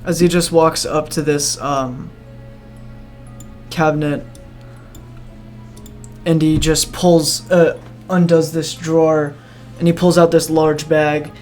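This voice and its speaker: A casual game master narrating a tabletop role-play at a medium pitch. The delivery is loose and halting, with fillers and restarts. Soft music runs in the background. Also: flat delivery.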